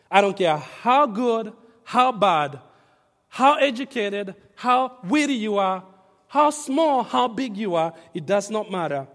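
A male preacher with a high-pitched voice delivers a sermon in a hall with a long echo. He stresses key phrases through repetition and shifts between loud and soft. He invites the congregation to join in reading. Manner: emphatic, repeats phrases, varies loudness for stress; asks the congregation to read along. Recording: reverberant hall.

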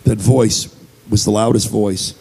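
A man's voice: on the low side, fairly even intonation, unhurried, gravelly, mellow, slightly rough. A man giving an earnest, conversational sermon as a visiting speaker and singer, repeating phrases as he goes.

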